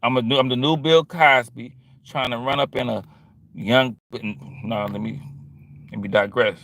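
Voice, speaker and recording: A streetwise man rambling through a casual monologue in heavy slang, his pitch sitting in the middle of the male range. He keeps drifting into quoting others. The sound is close and dry, with no room around it. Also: steady tone, measured pace, vocal fry, fairly bright tone, no room sound. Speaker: vlogger.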